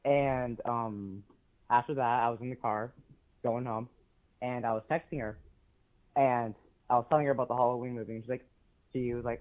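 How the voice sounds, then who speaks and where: A man's voice: mid-range voice, fairly even intonation, normal speed, pauses often. Hesitant teen boy on a tinny phone line. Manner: hesitant, many ums and uhs. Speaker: caller. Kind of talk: telling a story on a call.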